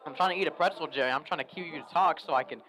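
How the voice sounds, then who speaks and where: A young man calls a school basketball game for local sports coverage, chatty and lightly joking while he eats. His voice is on the high side, racing, pushed, and bright, and the recording is rough.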